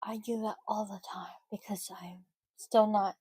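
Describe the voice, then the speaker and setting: A woman co-hosting a casual podcast, chiming in with quick, short interjections and agreeing asides. She is recorded at home on a close microphone. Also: medium pitch, fairly even intonation, mellow, slightly rough, dry recording. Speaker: podcast co-host.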